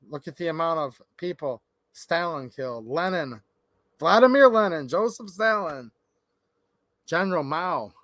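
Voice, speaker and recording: Chatty high-voiced man on a livestream. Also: animated, measured pace, pauses often, fairly bright tone, dry recording. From Michigan. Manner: chatty and opinionated, addresses chat directly. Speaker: gun channel livestream host. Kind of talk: casual livestream commentary. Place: his workshop.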